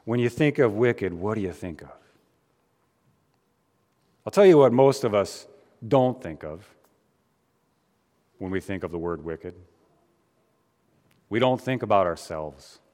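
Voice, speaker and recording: A pastor giving a conversational sermon, with frequent fillers and restarts. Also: male voice, fairly low pitch, expressive, unhurried, pauses often, warm tone, long reverb tail.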